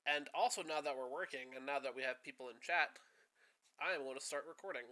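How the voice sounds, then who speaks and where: A man hosting a live art stream, chatting casually with a nasal voice, excitable and quick to swear. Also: fairly high pitch. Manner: excitable, swears freely, chuckles often. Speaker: stream host.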